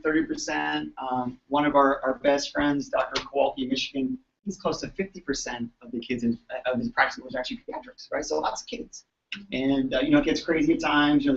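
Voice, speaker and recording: A man telling an animated story to a live audience, acting out the voices of the people in it. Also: a little high, vocal fry. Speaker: chiropractor. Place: event floor at a convention. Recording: distant mic, dull lo-fi sound.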